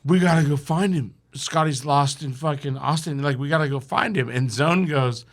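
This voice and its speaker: A man with a gravelly, slightly high voice tells a long, rambling story on a podcast. He swears freely and laughs along as he talks. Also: normal speed. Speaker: podcast guest. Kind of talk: casual storytelling.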